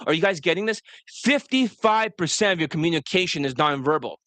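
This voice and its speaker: A man's voice: fairly high pitch, fairly bright tone, dry recording. A man coaching on dating straight to the camera, blunt and profane, addressing his viewers directly.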